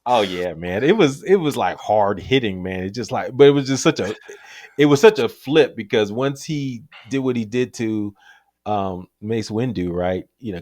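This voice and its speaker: A man's voice: medium pitch, dry recording, clean studio sound. A man co-hosting a podcast, telling stories animatedly and laughing often as he chats about movies. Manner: animated storyteller, acts out quotes, laughs often. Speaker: podcast co-host. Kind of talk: casual chat about movies.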